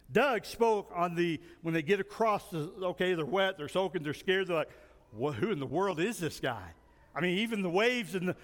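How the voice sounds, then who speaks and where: A pastor from the United States preaching a sermon in short phrases for an interpreter, telling stories and acting out the dialogue. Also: male voice, high-pitched, a bit bright. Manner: storytelling, acts out dialogue. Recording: long reverb in a large hall.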